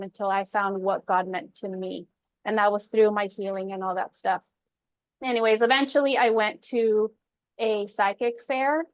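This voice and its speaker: A young woman hosting a webinar, telling her personal story in a chatty, animated way. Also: medium pitch, no echo. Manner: chatty and animated, acts out quoted voices. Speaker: intuitive healer hosting a webinar.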